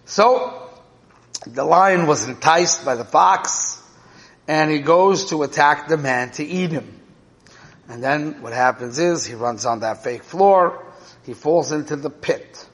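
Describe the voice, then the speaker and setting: A man teaches a Torah class in a reverberant hall, explaining a parable and checking in with listeners with "right?" and "okay?". He speaks slowly in a fairly high, fairly bright voice.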